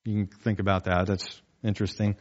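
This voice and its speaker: A pastor preaching a sermon in a conversational way, often asking "right?" and acting out quotes. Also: male voice, fairly low pitch, little pitch movement, fairly quick, a little mellow, highs cut off.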